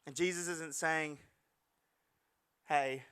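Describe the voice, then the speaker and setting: A male pastor preaching a lively, dramatic sermon to a church congregation, with jokey asides and voices he acts out. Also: fairly high pitch, moderate pace, clear, resonant tone. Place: church service hall.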